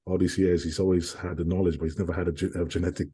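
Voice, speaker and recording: Low, husky man telling his story. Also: level tone, fast, mellow. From United Kingdom. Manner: earnest, repeats phrases, acts out quoted speech. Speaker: guest, professional bodybuilder. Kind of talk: casual interview storytelling.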